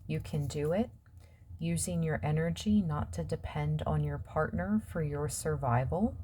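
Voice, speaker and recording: A woman's voice: sits low, measured pace, dark tone, slight background noise. A woman giving a casual tarot reading, musing aloud and trailing off with fillers as she turns over cards. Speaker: tarot reader.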